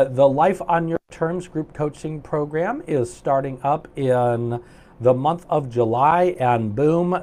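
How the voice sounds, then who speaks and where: A chatty man leads a morning live stream as a coach, his voice sitting a little high for a man. He talks loosely, filling gaps with "uh" and "right?" as he reads viewers' comments aloud.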